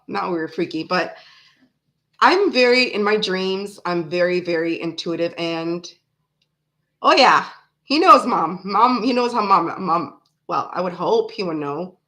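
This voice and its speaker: A woman's voice: fairly low pitch, expressive, measured pace, fairly bright tone. A woman in her thirties hosting a live tarot stream, chatting in a frank, rambling way and often laughing. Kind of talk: casual live-stream chat.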